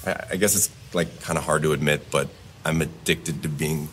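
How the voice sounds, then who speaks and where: A man's voice: extremely low pitch, fairly even intonation, moderate pace, a bit bright, a little hiss or hum. A man playing a shy, nervous young man at a support group, hesitant and mumbling. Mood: sheepish.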